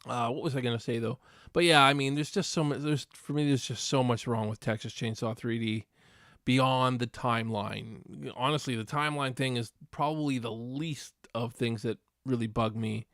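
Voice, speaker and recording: A man's voice: medium pitch, fairly even intonation, normal speed, a bit bright, no room sound, studio quality. A man hosting a casual live stream reaction, chatting to viewers in a rambling, easygoing way with many restarts.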